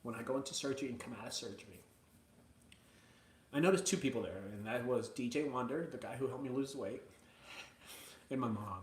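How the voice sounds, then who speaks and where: A man hosting a live video from his mother's house, chatting casually and excitedly to viewers, rambling between hype and emotion. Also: medium pitch, a little fast, pauses often, reverberant, slight background noise. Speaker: junk removal business owner hosting a live video.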